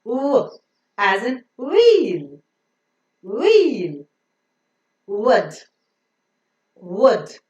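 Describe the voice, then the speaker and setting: A woman with a fairly high, very lively voice leads a phonics lesson, speaking very slowly and deliberately. She repeats each example word with care. Her voice rings in an echoey room. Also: dull audio. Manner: slow, careful word-by-word drilling with repeated example words. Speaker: phonics teacher. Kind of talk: pronunciation lesson for children.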